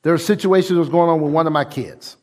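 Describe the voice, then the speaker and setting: A man's voice: fairly high pitch, fast talker. A man preaching a sermon as pastor, telling stories with restarts and repeated words and acting out the voices of people he quotes. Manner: lively storytelling preacher, acts out quoted voices.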